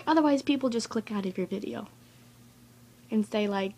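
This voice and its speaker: A woman's voice: mid-range voice, brisk, a little mellow, slight background noise. A woman recording a casual, rambling tutorial vlog in her bedroom, chatty and goofy and easily sidetracked. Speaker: vlogger.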